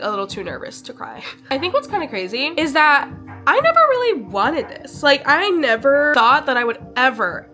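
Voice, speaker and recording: A woman's voice: fairly high pitch, bright, forceful tone. A young woman from Chicago, chatting casually and sentimentally to camera in a vlog, full of fillers. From Chicago, USA. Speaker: vlogger.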